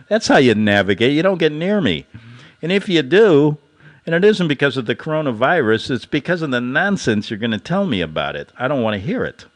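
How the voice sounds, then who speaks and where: Guy ranting sarcastically on his podcast, voice swings all over, laughs at his own jokes. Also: medium pitch. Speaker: podcast host. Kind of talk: satirical monologue.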